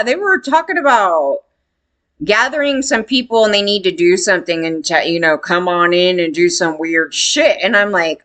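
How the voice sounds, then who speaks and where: A woman's voice: medium pitch, animated, moderate pace, a bit bright. A woman telling a candid personal story in a rambling, emphatic way, swearing freely.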